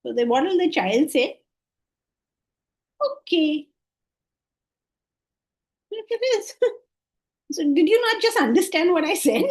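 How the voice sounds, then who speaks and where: Animated woman teacher with a mellow voice. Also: extremely high pitch, normal speed, rough recording. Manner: animated, questioning, shifts between soft and emphatic. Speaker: Vedanta teacher. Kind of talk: scripture class lecture. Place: classroom with listeners.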